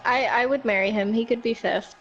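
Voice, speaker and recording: A woman's voice: a little high, a little fast, fairly bright tone, highs cut off. A woman appearing as a guest on a wrestling commentary show, answering in a dry, matter-of-fact way. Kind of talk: in-character guest chat.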